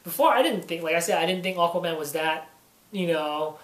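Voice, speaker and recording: A man's voice: fairly high pitch, lively intonation, brisk, fairly bright tone. Rambling young-sounding man, roomy echo. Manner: rambling, heavy with "you know" fillers. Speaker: comic book reviewer. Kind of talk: casual spoken comic review.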